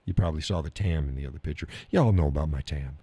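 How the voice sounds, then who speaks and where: A man's voice: a bass voice, quick pace, warm tone, slightly rough, no echo. A man hosting a live stream, chatting casually about viewer comments, rambling, repeating himself and chuckling often.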